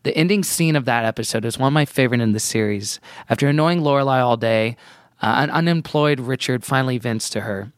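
A man with a mid-range voice speaks briskly in clean, studio-quality audio with no echo. He co-hosts a podcast, chatting casually, reading listener emails and laughing often.

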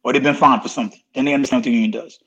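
Speaking very fast with a steady tone, a college athletics administrator in his fifties gives a casual, emphatic interview and repeats key phrases for emphasis. His medium-pitched voice is husky yet fairly bright, and the audio sounds dull.

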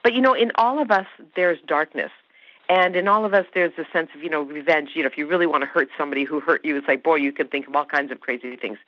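A woman's voice: deep voice, quick pace, no room sound. A woman being interviewed about her acting work, talking emphatically and often restarting her sentences. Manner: animated, emphatic, with many restarts. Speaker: actress guest. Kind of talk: interview conversation. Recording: dull lo-fi sound.

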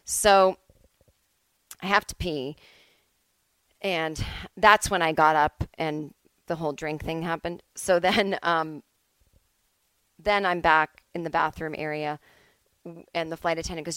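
A middle-aged woman hosting a comedy podcast from home, telling a rambling, self-deprecating story with lively asides. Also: low-pitched, measured pace, pauses often, smooth, no echo. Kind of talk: casual comic storytelling.

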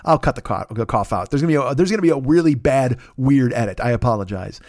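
A man in his fifties hosting a casual solo podcast, rambling and swearing as he tells animated stories. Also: medium pitch, fast, no room sound, studio quality. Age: 50s. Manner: profane, rambling, animated storytelling. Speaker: podcast host.

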